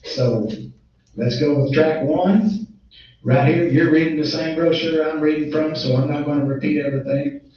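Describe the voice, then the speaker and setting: A man's voice: fairly high pitch, fairly even intonation, a little hiss or hum. Echoey far-off auctioneer man. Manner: rapid rhythmic bid chant with plain folksy asides. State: strained voice from illness. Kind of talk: livestock-style auction chant and announcements. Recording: echoey muffled room recording from a distance.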